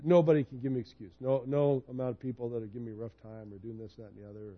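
A pastor in his fifties races through his sermon in a mid-range voice, captured in a muffled recording. His delivery is conversational and personal, full of storytelling that grows animated during retellings.

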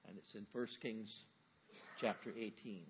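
A man's voice: fairly low pitch, fairly even intonation, measured pace, muffled recording, a little hiss or hum. A male pastor giving a sermon in a folksy, conversational way, full of everyday examples.

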